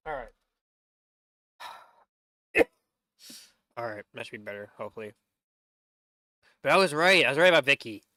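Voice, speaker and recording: A man's voice: medium pitch, lively intonation, a little slow, long pauses, pushed and bright, no room sound. A young man with a sore throat, chatting and rambling through gameplay commentary on a headset mic, swearing often. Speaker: streamer.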